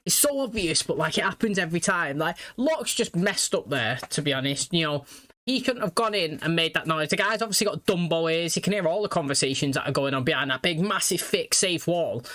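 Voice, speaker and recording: A man's voice: a little high, lively intonation, a little fast, sharp tone. A young man hosting a reaction video, chatty and rambling. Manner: rambling, chatty, repeats "you know what I mean". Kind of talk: casual commentary.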